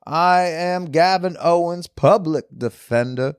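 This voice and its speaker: A man improvising a pompous, speechifying Southern male public defender in a high, declamatory courtroom voice. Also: takes it slowly, clean tone, dry recording, clean studio sound. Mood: grandstanding. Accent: put-on American Southern. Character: grandstanding Southern male lawyer, pompous orator. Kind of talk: improvised comedy bit.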